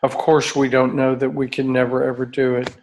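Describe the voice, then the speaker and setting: A middle-aged man talks to a retreat group in a slow, earnest and reflective way. His pitch stays level and even, and he often stops to restart a sentence as he searches for the right phrase. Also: a little hiss or hum, rough recording. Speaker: retreat leader. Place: outdoor retreat by a beach.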